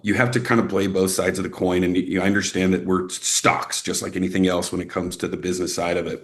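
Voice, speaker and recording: Lively storytelling man from Texas, low voice. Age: young adult. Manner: animated storyteller, acts out quotes with rising pitch. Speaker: actor and guest. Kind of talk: casual interview chat.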